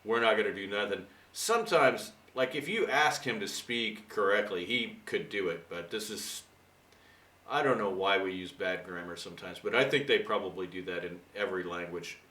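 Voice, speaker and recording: A man's voice: deep voice, moderate pace, bright, forceful tone, far from the mic. A middle-aged man giving a rambling, chatty English lesson with lots of fillers. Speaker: English teacher. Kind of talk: casual video lesson. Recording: echoey room, voice off-mic.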